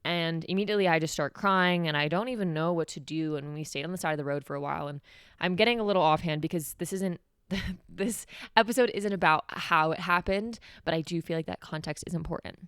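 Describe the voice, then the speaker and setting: A woman's voice: low-pitched, fairly quick, a bit bright, clean tone, no room sound, studio quality. A young woman from New Mexico hosting a solo podcast, telling a personal story in a candid, conversational way with many "like"s. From New Mexico, USA. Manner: candid, conversational, heavy use of "like". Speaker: podcast host.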